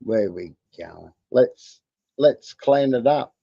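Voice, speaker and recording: A man's voice: mid-range voice, expressive, slow, vocal fry, no room sound, dull audio. An Australian man co-hosting a casual chat, joking in a crude, profane way.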